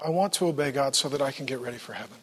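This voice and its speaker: A man's voice: mid-range voice, racing. A man preaching a sermon as pastor in a church, telling stories with playful acted-out quotes.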